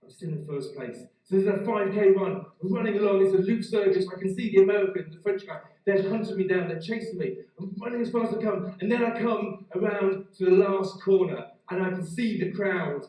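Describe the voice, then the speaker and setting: A man's voice: sits high, brisk, hardly any pauses, warm tone. A middle-aged British man giving a graduation keynote as a motivational speaker. He tells his story vividly, building energy, then gives earnest advice. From Britain. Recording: very echoey hall, speaker far from mic.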